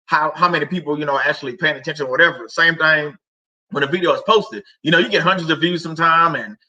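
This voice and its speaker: A man's voice: a little high, quick pace, pushed and bright, poor audio. A middle-aged man hosting a casual faith talk stream, rambling and conversational with many fillers and restarts. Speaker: livestream host.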